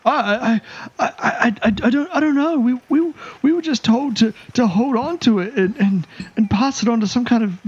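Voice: medium pitch, normal speed, darkish tone, husky, highs cut off, voice pushed up, close to an everyday voice. A game master voicing a nervous, stammering male elf thug who failed as an actor. He repeats words in panic. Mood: panicked.

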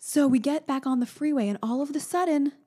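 A woman in her thirties telling a long family story in a casual chat, animated and acting out the people she quotes. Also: a little fast. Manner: animated storyteller, acts out a toddler's high voice. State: pregnant.

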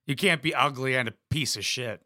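A man's voice: medium pitch, brisk, pushed and bright. A young man making crude, sarcastic jokes as he comments on a reality show clip. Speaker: reaction commentator.

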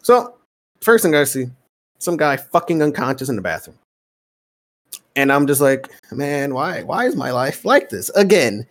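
A man's voice: a little high, unhurried. A man hosting a podcast, telling a long story in casual chat, swearing freely and acting out both sides of conversations. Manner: profane, animated storyteller acting out exchanges. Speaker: podcast host.

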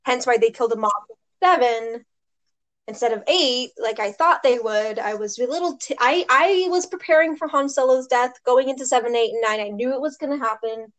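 Casting note: American woman, podcast co-host, casual and chatty, on the higher side. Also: fairly bright tone. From United States. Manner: chatty, laughs often, quick asides. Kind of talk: casual chat.

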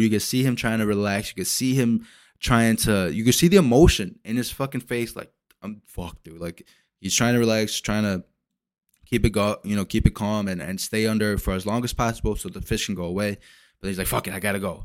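Guy on his podcast rambling through a movie recap, swears a lot, kinda low voice. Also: clean tone. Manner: rambling, swears a lot, acts out characters in quick asides. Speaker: podcast host.

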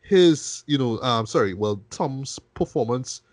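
A man hosting a casual film review podcast, talking in an animated way and cursing freely. He keeps checking in with "right?" and stumbles over repeated words as he thinks. His voice sits in a middle range and sounds dry and close, with no room echo. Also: mid-range voice, unhurried.

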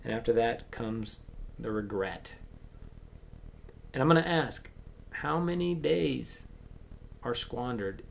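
A man preaching a sermon as pastor, acting out Bible voices and swinging between loud emphasis and hushed asides. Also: mid-range voice, lively intonation, slow, vocal fry, pauses often, a little hiss or hum.

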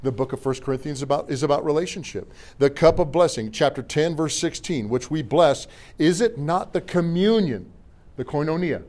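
A middle-aged man preaching a sermon as pastor in a church, animated and joking with the congregation between scripture readings. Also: fairly high pitch, normal speed. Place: church sanctuary.

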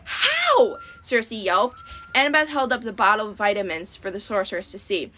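A woman's voice: medium pitch, expressive, a little fast, pushed and bright. A woman narrating an audiobook expressively in the first person. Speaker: audiobook reader.

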